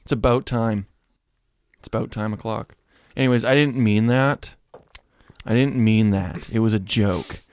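A man's voice: lowish voice, steady tone, measured pace, a little mellow, smooth, no echo, clean studio sound. A man co-hosting a comedy podcast, trading provocative jokes in casual banter. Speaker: podcast co-host.

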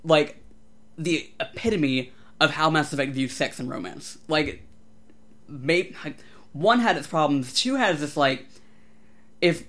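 A man co-hosting a podcast, ranting with animated, profane energy. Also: fairly high pitch. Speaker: podcast co-host. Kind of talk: casual chat.

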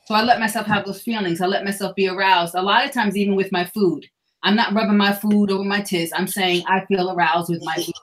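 A woman's voice: mid-range voice, fairly even intonation, a little fast, low-quality recording. A middle-aged woman speaking frankly and earnestly as a guest on a candid panel discussion. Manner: frank, sexually explicit, earnest.

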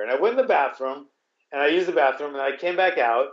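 A man's voice: a little high, lively intonation, quick pace. A man telling a casual story in a rambling way, full of restarts and the odd curse word. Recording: roomy, dull sound.

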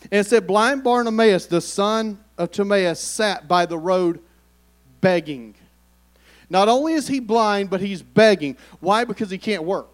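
A man preaches to his congregation in a high voice. He keeps it conversational and calls on the listeners to answer him back. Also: unhurried. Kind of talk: sermon.

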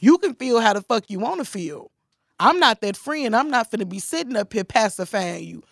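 A woman's voice: on the high side, sing-song, normal speed, gravelly, no room sound, studio quality. A woman co-hosting casual banter, blunt and profane, talking with heavy emphasis. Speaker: co-host.

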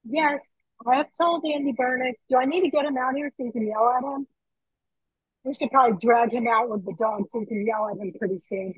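Chatty woman, husky and high. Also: brisk, no echo, lo-fi sound. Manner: chatty, excitable, laughs easily. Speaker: guest. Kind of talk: casual chat over a video call. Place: home kitchen. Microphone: earbuds on a video call.

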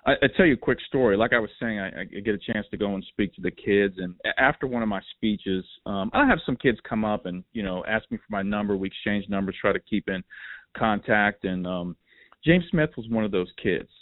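A man hosting a podcast, telling stories in a lively, animated, casual way. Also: fairly low pitch, brisk, dry recording. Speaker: podcast host. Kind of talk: casual storytelling chat. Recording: tinny phone line, dry.

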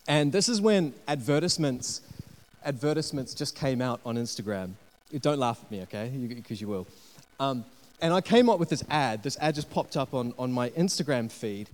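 A man preaching a sermon, telling a personal story with animated delivery and acted-out quotes. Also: medium pitch. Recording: long hall reverb.

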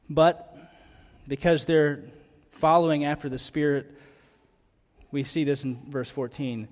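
A man delivers a sermon in a high voice and acts out the people he quotes with animated energy. His voice rings through a church hall with a long reverb tail. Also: a little slow, pauses often. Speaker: pastor.

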